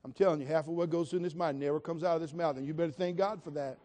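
A man's voice: on the high side, steady tone, racing, mellow. Emphatic male pastor preaching. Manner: emphatic, repeats phrases, direct questions to the congregation. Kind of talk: sermon.

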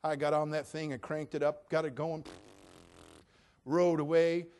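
Emphatic preaching man, higher-voiced. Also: level tone, unhurried. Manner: conversational preaching, humorous asides, swings from quiet to emphatic. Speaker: pastor. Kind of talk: sermon.

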